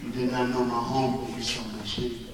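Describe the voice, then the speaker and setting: A man in his forties gives a motivational talk in a school hall. He tells his stories with animated swings between hushed and loud. The recording is made from far off, with heavy echo and clear room noise. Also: medium pitch, moderate pace. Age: 40s. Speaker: motivational speaker. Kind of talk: storytelling speech to a school audience. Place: large echoey school hall.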